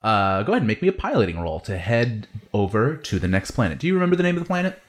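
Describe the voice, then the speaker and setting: A man narrating a sci-fi tabletop role-playing game as game master, relaxed with many fillers. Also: fairly low pitch, quick pace, a little hiss or hum. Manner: relaxed, many ums and uhs.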